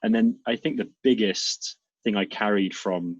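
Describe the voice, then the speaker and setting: Deep husky Welsh-accented man. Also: normal speed, no echo, highs cut off. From South Wales, UK. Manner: relaxed, rambling with ums and restarts. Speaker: guest, doctor turned nomad. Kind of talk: casual interview chat.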